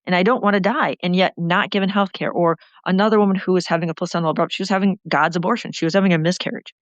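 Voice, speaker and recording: A woman's voice: on the low side, fairly even intonation, racing, dry recording. A woman talking about politics in a passionate, rambling way that keeps running on. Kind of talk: impassioned political talk. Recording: dull lo-fi sound.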